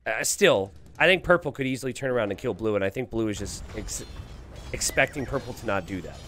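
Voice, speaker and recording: A man's voice: lowish voice, brisk. A man commentating a strategy game live on stream and reading the chat aloud. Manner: animated, reads viewer chat aloud.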